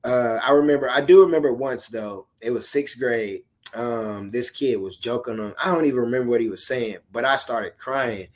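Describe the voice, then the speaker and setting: A man in a relaxed conversation, speaking bluntly with lively, colloquial storytelling. His voice sits at an ordinary middle pitch. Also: normal speed, hardly any pauses. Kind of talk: casual conversational chat.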